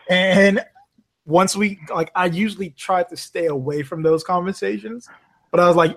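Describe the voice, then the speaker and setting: A high-sitting male voice at a moderate pace belongs to a podcast guest who was raised in Bermuda and works as a rideshare driver. In loose conversation he tells vivid stories, swears liberally and acts out each quoted character's voice.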